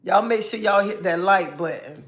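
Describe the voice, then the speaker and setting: A woman hosting a casual livestream, greeting viewers by name and chatting in a relaxed style. She says she feels a little under the weather. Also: mid-range voice. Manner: greets chat viewers by name, drawn-out friendly talk. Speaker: livestream host.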